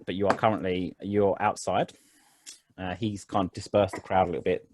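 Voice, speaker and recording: A man's voice: low-pitched, little pitch movement, moderate pace, noisy background. A man narrating as game master of a tabletop game online, talking loosely with frequent ums and restarts. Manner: rambling, many fillers and restarts.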